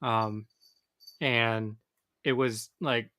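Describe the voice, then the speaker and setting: A man's voice: mid-range voice, steady tone, very slow, pushed and bright, clear, resonant tone. A man, co-hosting a casual fishing podcast and talking in a rambling way with many restarts. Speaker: podcast co-host. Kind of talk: casual chat.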